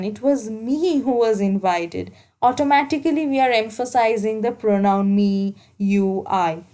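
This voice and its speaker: A woman's voice: a little high, a little mellow, rough recording. A woman teaching grammar for exams, explaining step by step and repeating key points. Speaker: English teacher. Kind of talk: exam-prep grammar lesson.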